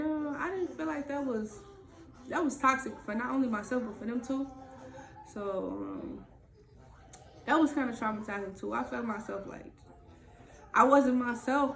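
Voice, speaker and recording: Woman, candid storytelling, emotional and profane, fairly high voice, roomy echo. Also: gravelly, a bit bright. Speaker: vlog co-host.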